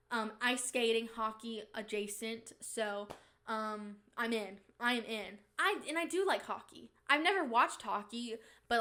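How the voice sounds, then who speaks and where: Lady podcast host, kinda high voice, rambly and giggly, goes off on playful rants. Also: bright, forceful tone. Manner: giggly, chatty, mock-indignant rants. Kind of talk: casual rambling chat.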